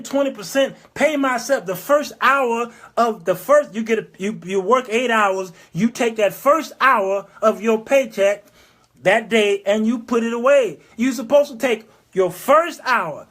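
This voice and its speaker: A man in his fifties with a fairly high voice hosts his own talk show. He lectures his listeners, hammers his points home by repeating them, and slips into the voices of the people in his stories. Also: fairly bright tone. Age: 50s. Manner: emphatic, repeats phrases, acts out quoted people. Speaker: show host. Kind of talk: preachy monologue.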